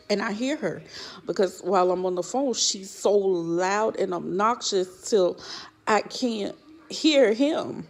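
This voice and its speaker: Middle-aged woman vlogger, slow gravelly delivery, laughs her way through a casual story. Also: mid-range voice. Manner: laughs often while telling an exasperated story.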